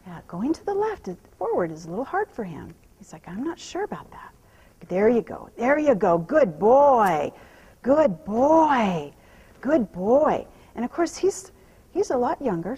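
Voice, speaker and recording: A woman horse trainer talking out loud while she rides, softly praising the horse and explaining each step. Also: medium pitch, husky, poor audio. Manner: soothing praise to the horse, mixed with quiet running explanation. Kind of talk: narrating while riding.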